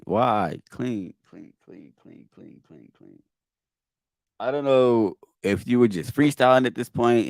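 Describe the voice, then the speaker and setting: A man's voice: fairly low pitch, darkish tone, no room sound, studio quality. A man hosting a podcast and reacting to a video, exasperated and emphatic, often repeating his words. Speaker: podcast host.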